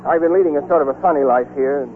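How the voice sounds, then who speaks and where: An actor playing a reserved young ambulance officer who also narrates, in a quiet, understated way, in an old radio play. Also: male voice, on the high side, racing, a little hiss or hum, natural voice. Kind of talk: 1940s radio acting. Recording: tinny old radio broadcast with music.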